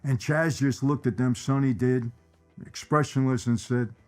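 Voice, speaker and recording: Faint music plays behind a channel host as he rambles to viewers about movie lines he loves, repeating phrases to drive points home. He has a medium-pitched voice, fairly even intonation and a measured pace.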